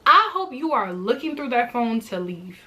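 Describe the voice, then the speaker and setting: A young woman vlogger telling a personal story in a chatty, animated way, often turning to her viewers. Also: a little high, normal speed. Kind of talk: storytime vlog.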